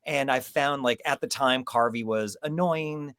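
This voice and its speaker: A man's voice: medium pitch, unhurried, a bit bright, no echo. Candid American man, dry close sound. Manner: candid opinions, personal anecdotes. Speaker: podcast host. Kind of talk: casual film-discussion chat.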